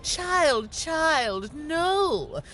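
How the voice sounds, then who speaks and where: A prim game noblewoman looking down her nose, her fairly high voice rising and falling expressively over a slow delivery. Faint noise sits behind her. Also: sing-song, a bit bright, soft background music, exaggerated voice. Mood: disdainful. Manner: prim, disdainful, lecturing. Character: prim noble lady lecturing on titles.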